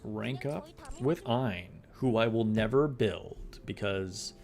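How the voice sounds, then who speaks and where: A young man chatting casually with his live-stream chat while playing a game, relaxed and quick to laugh. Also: fairly low pitch, vocal fry. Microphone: desk microphone.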